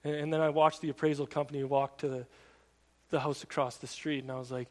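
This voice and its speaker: A man's voice: medium pitch, flat delivery, a little fast, darkish tone. A pastor, a man, preaching a sermon in a conversational, earnest storytelling manner in a church sanctuary. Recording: long reverb of a large hall.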